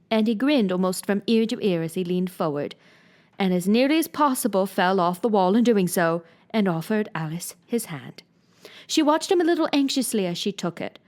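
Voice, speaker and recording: A woman narrating a children's classic as an audiobook, in a gentle, even storytelling manner. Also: lowish voice, brisk.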